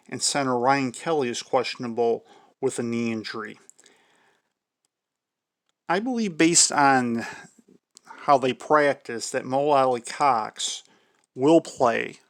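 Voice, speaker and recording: A man hosting his own sports channel, going through team injury reports in a measured tone and often hedging with "I believe". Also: medium pitch, no echo, studio quality. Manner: measured, repeats "I believe" and "for sure". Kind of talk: football injury preview commentary.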